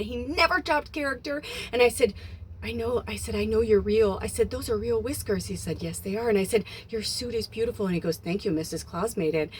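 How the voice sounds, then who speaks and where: A woman vlogs into her phone in a husky, mid-range voice. She is a spiritual medium telling a long story in casual chat, swearing freely and acting out the quoted dialogue.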